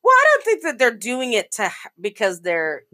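A woman's voice: fairly high pitch, wildly swooping pitch, normal speed, sharp tone. A woman co-hosting a casual talk show, chatting loosely, laughing and swearing freely. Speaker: podcast co-host. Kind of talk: casual chat.

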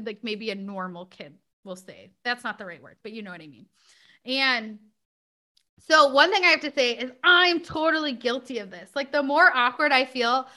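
With a pushed, bright voice on the high side, a woman hosts a chatty podcast conversation. Asides pop up often, and she fills her speech with words like "like" and "you know."

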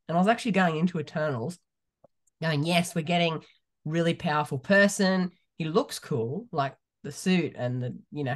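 A man co-hosting a casual movie-review podcast, talking in loose, rambling chat. His pitch swings widely, rising and falling as he builds up his complaints. He laughs often and trips over restarts. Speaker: podcast co-host.

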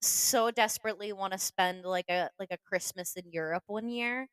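A young woman co-hosting a casual podcast, upbeat and chatty, with plenty of fillers. Her voice is smooth and clear, and the sound is dry and close. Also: mid-range voice, moderate pace, a bit bright, dry recording. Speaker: podcast co-host. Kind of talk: casual chat.

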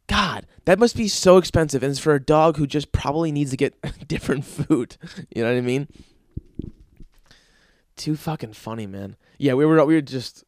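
Profane, rambling young podcast host. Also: male voice, a little high, animated, a little fast, darkish tone, dry recording, clean studio sound. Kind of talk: casual solo podcast rant.

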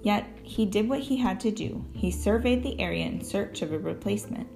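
Woman narrating a story, gravelly. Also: mid-range voice, lively intonation, moderate pace, over music. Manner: clear storytelling, first person. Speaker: audiobook narrator. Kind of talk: scripted narration.

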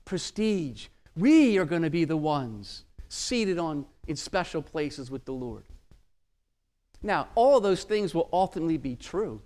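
A male preacher with a notably high voice delivers an expository sermon with rhetorical questions. He swings sharply between loud, emphatic exclamations and quiet, hushed lines. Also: big pitch swings, unhurried.

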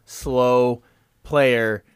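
A man co-hosting a sports podcast, chatting casually, animated, exclaiming and joking. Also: mid-range voice, extremely slow, clear, resonant tone, no echo, studio quality. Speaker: podcast co-host. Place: room with a window open.

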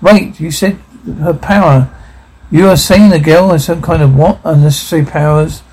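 A calm, probing questioner. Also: male voice, on the high side, moderate pace, husky, low-quality recording. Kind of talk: tense screen drama acting.

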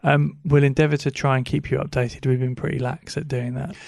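A man co-hosting a podcast in easygoing, rambling casual chat, often clearing his throat. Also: mid-range voice, flat delivery, brisk, a little mellow, no echo, clean studio sound. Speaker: podcast co-host.

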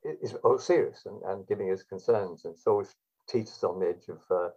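A man with a low, warm voice and a breathy edge speaks briskly as a guest, telling anecdotes in a rambling, hesitant way full of fillers. The recording is dull and lo-fi.

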